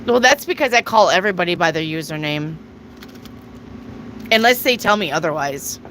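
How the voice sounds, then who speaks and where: A woman's voice: fairly low pitch, lively intonation, moderate pace, fairly bright tone, slight background noise, poor audio. A woman hosting a casual live tarot reading, chatty, reading viewer questions aloud and answering them. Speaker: tarot reader.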